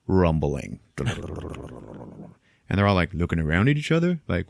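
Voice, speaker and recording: Man, podcast host, low voice, casual film recap, laughs a lot, swears, very dry close sound. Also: a little slow, vocal fry, no echo. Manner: animated storytelling, frequent laughter, swearing.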